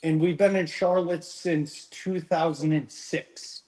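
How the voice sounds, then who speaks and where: Man, casual chat, rambling, hesitant fillers, slightly higher voice. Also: fairly even intonation, takes it slowly, a little mellow, poor audio.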